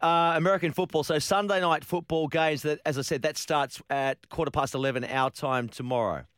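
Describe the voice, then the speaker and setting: A man's voice: a little high, fairly even intonation, brisk, a bit bright, smooth, no echo, clean studio sound. An Australian man hosting a sports radio show, chatting casually and joking, with frequent restarts. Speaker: radio host.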